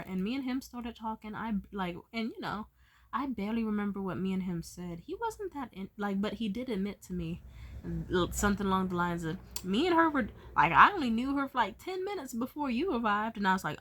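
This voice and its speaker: A woman's voice: mid-range voice, brisk. Drunk lady telling a story to her camera, swearing lots, cracking jokes, all over the place. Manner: animated, profane, jokey, slurs words while tipsy. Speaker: vlogger. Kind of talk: casual storytelling monologue.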